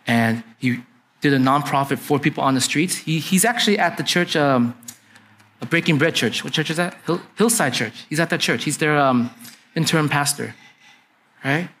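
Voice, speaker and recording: A man's voice: a little high, moderate pace, fairly bright tone, slight background noise. A young adult man preaching a sermon in a conversational storytelling way, often checking in with his listeners. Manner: conversational, often asks "right?" to the congregation. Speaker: pastor.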